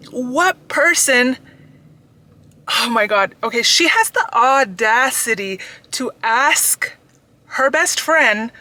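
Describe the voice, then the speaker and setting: Bright-voiced exasperated woman. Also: on the high side. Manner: exasperated, profane, emphatic. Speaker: book vlogger. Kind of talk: casual ranting book review.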